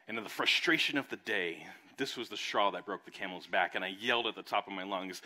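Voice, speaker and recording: Bright-voiced man telling a story from the pulpit. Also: fairly low pitch, brisk. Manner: animated storytelling, acts out voices. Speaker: pastor. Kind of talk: sermon storytelling. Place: church service.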